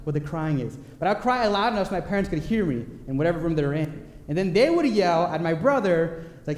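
A young man with a slightly high voice delivers a sermon in a church sanctuary. He tells stories in a playful, animated way with quick asides to the congregation. The big room carries a long, echoing reverb. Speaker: preacher. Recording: echoey church hall.

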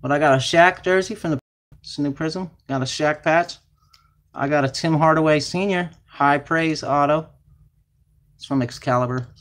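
A man's voice: on the high side, normal speed, fairly bright tone. Chatty man calling out trading cards. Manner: chatty, calls out card names and numbers. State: flustered and distracted. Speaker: card break host. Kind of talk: casual card-opening commentary.

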